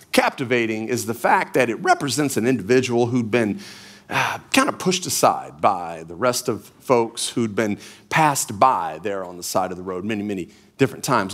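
A man's voice: mid-range voice, a bit bright. A middle-aged man preaching a sermon from a church stage, with folksy, humorous storytelling. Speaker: pastor.

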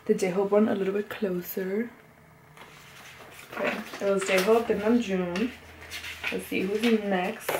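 A woman's voice: medium pitch, a little slow, long pauses. A young woman with a cold, sniffling, chatting casually and gushing with sudden squeals while unboxing an album. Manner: excitable, gushing, often confused, with sudden squeals and gasps. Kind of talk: casual unboxing chat to camera. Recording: echoey room, faint background noise.

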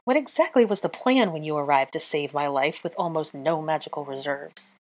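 Woman reader voices a haughty young wizard from a storybook reading; drawling and biting, in a low husky tone. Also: a little fast. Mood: scornful.

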